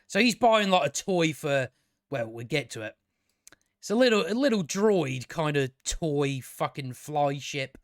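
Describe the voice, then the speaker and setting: Sweary rambling man, high voice. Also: expressive, normal speed, fairly bright tone. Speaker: video reviewer. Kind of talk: casual commentary over clips.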